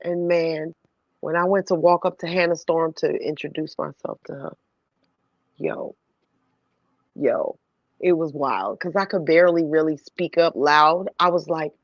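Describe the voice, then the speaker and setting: A woman telling a personal story in casual chat, animated and laughing, swearing freely. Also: sits low, measured pace, dry recording. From New York City. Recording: dull, dry sound.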